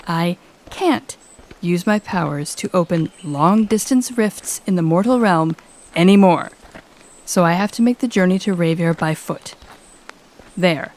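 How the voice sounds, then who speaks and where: A cold, sardonic demon lady, a reformed villain with a low voice and a curt, cutting, sarcastic way of talking, as a woman acts her out. She speaks in an audio role-play. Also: unhurried, pauses often, darkish tone. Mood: grudging.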